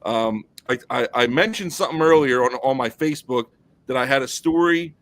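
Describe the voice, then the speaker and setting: A man's voice: mid-range voice, fairly quick, fairly bright tone. A man in his thirties hosting a podcast, chatting casually and rambling through stories with lots of fillers. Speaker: podcast host. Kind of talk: casual podcast chat and storytelling.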